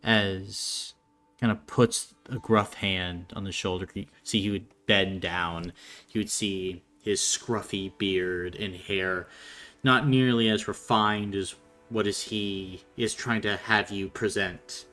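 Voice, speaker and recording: A man runs a tabletop game and narrates scenes in a soft, measured voice. His voice is low-pitched but bright, and his pace is very slow. Faint music plays underneath. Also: fairly even intonation. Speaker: game master.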